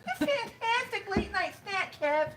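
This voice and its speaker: A whiny, nasal late-night host voice, pushed up very high and swooping wildly. It comes out bright and piercing, a comic impression strained to the edge of the breath. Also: male voice, sing-song, measured pace, a little hiss or hum, exaggerated voice. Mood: whiny pitch.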